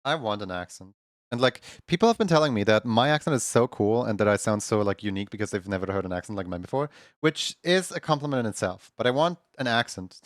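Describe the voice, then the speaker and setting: A man's voice: fairly low pitch, animated, fast talker, no room sound, clean studio sound. A man with a Central European accent, chatting casually to his livestream while drawing, rambling and talking to himself with filler words. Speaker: streamer.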